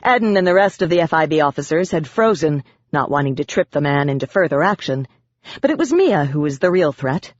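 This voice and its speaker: Audiobook narrator, measured dramatic first-person reading, mid pitch, lo-fi dry sound. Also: sing-song, dry recording.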